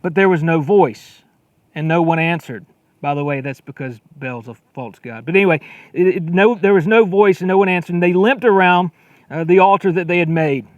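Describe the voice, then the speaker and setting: High-voiced pastor reading scripture. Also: male voice, moderate pace, no echo, phone-quality sound. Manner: conversational, repeats words when excited; acts out quoted lines with a raised voice.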